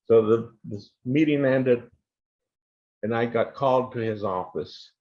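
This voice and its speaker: An older man on a panel, slowly telling a story from his working life and quoting the people in it. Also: mid-range voice, a little mellow, dull audio. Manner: slow, measured storytelling with quoted dialogue.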